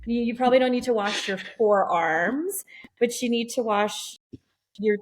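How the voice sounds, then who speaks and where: A woman's voice: a little high, normal speed. A woman co-hosting a medical podcast and explaining a study in careful, methodical detail as a melanoma specialist.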